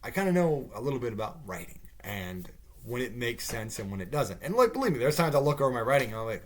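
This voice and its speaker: A man's voice: medium pitch, very animated, fast talker, fairly bright tone. A man hosting a podcast, ranting casually in a rambling way, swearing and mimicking people mockingly. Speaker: podcast host. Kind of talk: casual rant.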